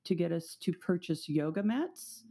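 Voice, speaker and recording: A woman's voice: fairly low pitch, animated, a little slow, dark tone. A woman in her fifties, a school psychologist guest, chatting casually and explaining with many affirming murmurs. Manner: affirming, explanatory, frequent "mm-hmm". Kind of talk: casual chat.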